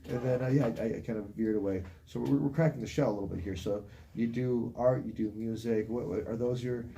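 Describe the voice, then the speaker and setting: A man, hosting a casual radio chat in an animated way. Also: medium pitch, vocal fry. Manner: animated, laughs, does quick voices in stories. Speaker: radio show host. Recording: faint ambient noise.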